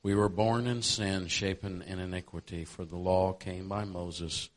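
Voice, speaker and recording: A man's voice: low voice, fairly even intonation, a little slow. A male preacher delivering a sermon, telling a conversion story and building to an impassioned altar call.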